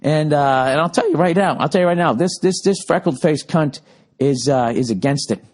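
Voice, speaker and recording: A man's voice: fairly high pitch, fairly quick, a little mellow. A man hosting a podcast, telling a story in a casual monologue, ranting and swearing freely. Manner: profane, ranting. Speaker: podcast host.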